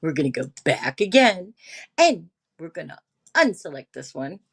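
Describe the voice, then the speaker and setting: A woman streamer chatting casually with her viewers, animated and drawn-out, reading documents aloud. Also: sits low, creaky, breathy edge. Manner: animated, drawn-out, talks to chat. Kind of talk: casual livestream chat.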